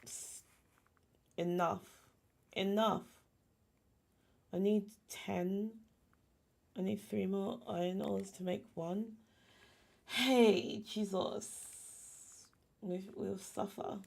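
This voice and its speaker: A woman's voice: mid-range voice, steady tone, slow, gravelly, long pauses, a little mellow. A woman chatting casually while playing a game, talking to herself and to the animals in it. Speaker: game streamer. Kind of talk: casual gameplay chat.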